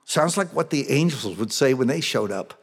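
A man's voice: mid-range voice, lively intonation, normal speed, husky, big-room sound. A man preaching a sermon, reading Bible verses aloud and then explaining them in plain, everyday words. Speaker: pastor.

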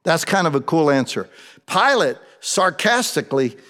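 A man's voice: a little high, very animated, moderate pace, sharp tone. A man preaching a conversational sermon, reading Bible verses and then retelling them in plain everyday words. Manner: reads verses, then paraphrases them in plain modern talk. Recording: long reverb of a large hall.

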